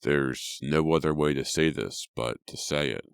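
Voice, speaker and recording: Deep-voiced man playing a steady, professional older cop; very low. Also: a little slow, creaky, clean tone, dry recording, studio quality, heavily acted. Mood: grave. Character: older, grim male police officer.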